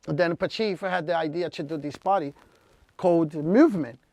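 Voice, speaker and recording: A man from Brazil, whose first language is Portuguese, telling stories in a casual podcast chat and acting out what people said with big jumps in pitch. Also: fairly quick, no room sound. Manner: animated, acts out quotes with big jumps in pitch. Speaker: DJ, podcast guest. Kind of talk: casual storytelling.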